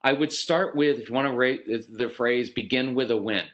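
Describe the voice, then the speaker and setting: A man's voice: medium pitch, a little fast, fairly bright tone, highs cut off. A man giving parenting advice over a video call, talking conversationally and loosely, sometimes with his eyes closed, and now and then acting out a parent or a child. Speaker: parenting speaker.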